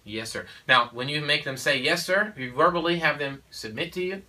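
A man's voice: on the high side, fairly quick, bright, forceful tone, distant mic, poor audio. A man and father of four speaking in a casual conversation, in an emphatic, preachy way with frequent "you know" and "okay?". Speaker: father of four sharing parenting views.

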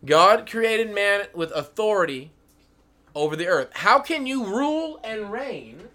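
A man in his thirties leads a Bible talk, his voice bright and high. He swings his pitch widely, presses his points and keeps asking his listeners questions. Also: animated, a little slow. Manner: emphatic, repeatedly calls for attention, asks the listeners questions. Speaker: Bible teacher. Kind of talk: animated Bible teaching in group chat.

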